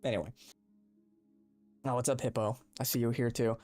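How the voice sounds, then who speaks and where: Over soft background music, a young man with a medium-pitched, slightly mellow voice speaks steadily at a moderate pace. He's hosting a casual livestream, swearing and rambling to viewers via a compressed desk microphone, recorded dry.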